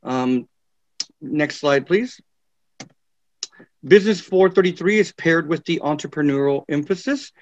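A man presenting courses in a webinar, reading descriptions with frequent fillers and pauses. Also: fairly high pitch, no echo. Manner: halting, many fillers, reads course descriptions. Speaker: university program presenter. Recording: dull, dry lo-fi webinar audio.

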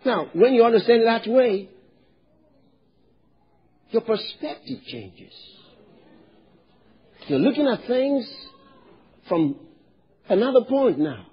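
Animated high-voiced Nigerian-born pastor preaching. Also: male voice, slow, pauses often, breathy edge, highs cut off. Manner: animated, calls for congregation responses, swings to loud emphatic shouts. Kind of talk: sermon.

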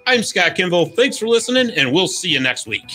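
A man's voice: high voice, big pitch swings, brisk. A man hosting a hockey podcast, reading a scripted history segment in an upbeat, jokey storytelling way. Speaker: podcast host.

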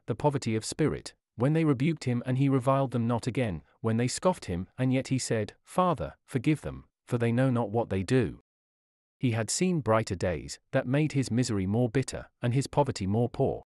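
A man preaches in an earnest, rhetorical, old-fashioned way, his pitch rising and falling with feeling. The sound is close and dry, with no room echo at all. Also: darkish tone. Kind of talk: sermon reading.

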